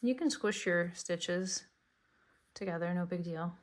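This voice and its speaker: A woman's voice: on the low side, unhurried. A woman teaching beginners to cast on knitting stitches, explaining each step in a chatty, encouraging way. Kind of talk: casual tutorial narration.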